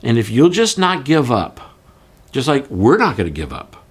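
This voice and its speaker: Pastor guy, middle-aged, folksy storytelling, lots of restarts, medium pitch. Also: wildly swooping pitch, moderate pace, slightly rough, faint music behind. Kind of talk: devotional storytelling.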